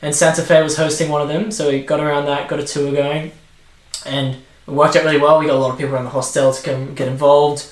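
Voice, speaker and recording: A somewhat high-voiced man with an Australian accent, chatting casually and spinning a loose, filler-heavy travel story. The room around him rings with echo. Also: little pitch movement, fast talker. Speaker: podcast co-host. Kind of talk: casual chat.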